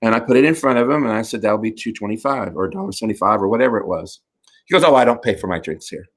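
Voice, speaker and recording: A man's voice: fairly low pitch, racing, breathy edge. Campy storytelling man. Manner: campy, laughing, animated storyteller. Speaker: talk show host. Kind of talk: casual storytelling chat.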